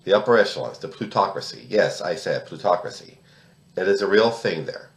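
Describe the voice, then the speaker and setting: A man's voice: deep voice, expressive, brisk, echoey room. A man of about sixty, from the United States, giving political commentary in an emphatic, indignant way, often repeating words and restarting his sentences. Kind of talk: solo commentary to camera.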